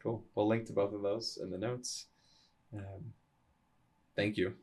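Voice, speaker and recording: A soft-spoken man hosting a podcast, thoughtfully asking his guest questions. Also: on the low side, little pitch movement, a little slow. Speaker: podcast host. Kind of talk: podcast conversation.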